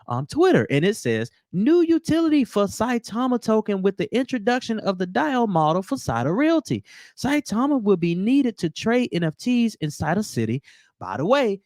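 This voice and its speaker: A man's voice: a little high, no echo, studio quality. A man with a Southern US accent hosting a crypto news show, chatting casually to viewers while showing photos. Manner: animated, chatty, addresses viewers as guys. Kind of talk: casual commentary over on-screen photos.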